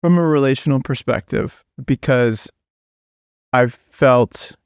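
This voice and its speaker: A man hosting a podcast, asking reflective, thoughtful questions in a measured way. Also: mid-range voice, smooth, no room sound, clean studio sound. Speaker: podcast host. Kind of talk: interview questions.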